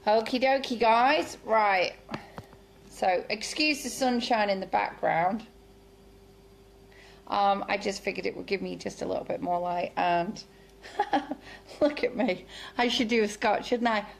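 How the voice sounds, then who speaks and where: A woman's voice: mid-range voice, a little slow, creaky, a little hiss or hum. A chatty, bubbly woman leading a live video training call from home. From United Kingdom. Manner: bubbly and chatty, says "okie dokie". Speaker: sales team director. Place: home room with sunlight behind.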